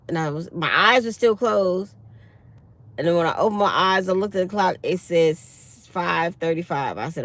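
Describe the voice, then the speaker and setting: Woman, gravelly, casual morning chat, phone in a parked car. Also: medium pitch, moderate pace. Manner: chatty, animated storytelling with acted-out quotes. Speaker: vlogger.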